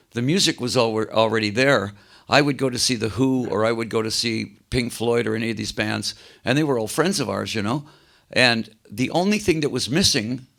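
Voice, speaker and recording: Older male rock singer, gravelly, animated storyteller on a video call. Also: mid-range voice. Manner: animated anecdotes, acts out quoted voices. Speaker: interview guest, rock singer. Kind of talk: casual storytelling interview.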